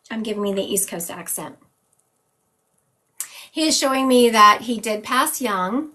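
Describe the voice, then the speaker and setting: Between readings on her live psychic stream, this medium host chats with viewers and passes along visions, framing them as "he is showing me." Her voice is fairly high and fairly bright.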